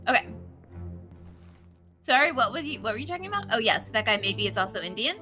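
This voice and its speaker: A woman's voice: a little high, big pitch swings, a little fast, bright, forceful tone, soft background music. A young woman co-hosting a game stream, chatty and giggly, wandering off on tangents. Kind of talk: casual game-stream chat.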